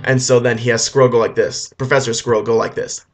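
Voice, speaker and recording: A man retelling a film as a rambling comedy story, full of deadpan asides and fillers. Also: mid-range voice, fast talker, slight background noise. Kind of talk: comic retelling over music. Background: faint guitar music.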